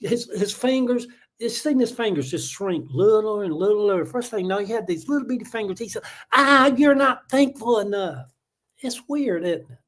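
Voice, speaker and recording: A man's voice: high-pitched, lively intonation, brisk, mellow. A middle-aged man from Atlanta with a Southern accent, hosting a casual livestream and ranting in a rambling, heated way full of fillers and chuckles. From Atlanta, USA. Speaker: livestream host. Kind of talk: casual political rant.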